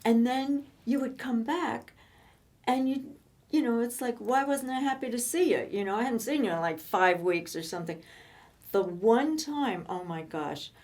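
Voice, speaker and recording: Woman in her 70s, higher voice, animated storyteller, casual reminiscing. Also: unhurried. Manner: animated storytelling, laughs often. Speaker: co-host.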